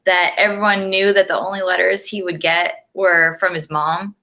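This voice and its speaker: A woman's voice: on the low side, level tone, normal speed, sharp tone. A woman co-hosting a podcast, chatting casually with frequent laughs and "like" fillers. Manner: giggly, lots of "like" fillers. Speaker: podcast co-host. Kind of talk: casual chat.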